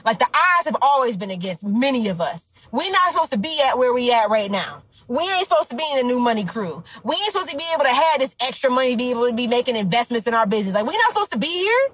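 A woman's voice: on the high side, sing-song, fast talker, few pauses, a bit bright, dry recording, low-quality recording. A young adult woman, a business coach, giving an emphatic, preachy motivational talk full of slang. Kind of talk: motivational talk to her audience.

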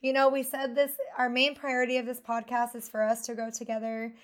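A woman's voice: fairly high pitch, level tone, fairly quick. A woman co-hosting a casual podcast with her husband, friendly and upbeat, laughing easily. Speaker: podcast co-host. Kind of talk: casual chat.

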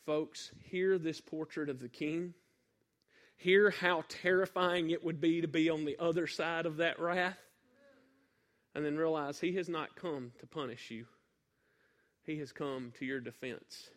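A man from northeast Mississippi with a Southern accent, preaching a sermon and telling a folksy story with sudden loud bursts. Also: a little high, fairly even intonation, a little slow.

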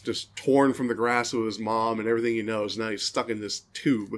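A man's voice: lowish voice, flat delivery, fairly quick. A man co-hosting a podcast, telling long, rambling stories and laughing at them in casual chat. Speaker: podcast co-host.

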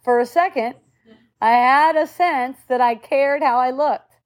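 Middle-aged woman, kinda high voice, chatty spiritual teacher type, musing out loud. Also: a little slow. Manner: musing, conversational, acts out quoted voices. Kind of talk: casual spiritual talk.

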